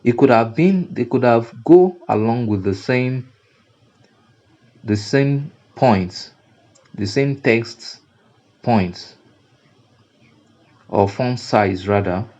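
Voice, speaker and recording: A man's voice: medium pitch, lively intonation, slow pace, long pauses, a little mellow. A man with a Nigerian accent teaching a graphic design class, explaining step by step in a repetitive way, often adding "now" and "you see". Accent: Nigerian English. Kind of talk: screen-recorded tutorial lecture. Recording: dull lo-fi recording.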